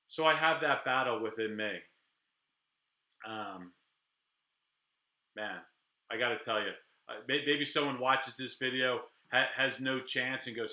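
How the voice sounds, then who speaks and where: A middle-aged man, a criminal defense attorney, talking candidly to camera in a rambling, animated way with frequent restarts. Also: on the high side, normal speed, echoey room. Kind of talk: casual talk to camera.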